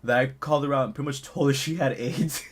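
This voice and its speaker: A man's voice: mid-range voice, quick pace, a little hiss or hum. A young man casually telling a school anecdote, laughing often and packing in fillers. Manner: loose, laughing, filler-heavy storytelling. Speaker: channel host.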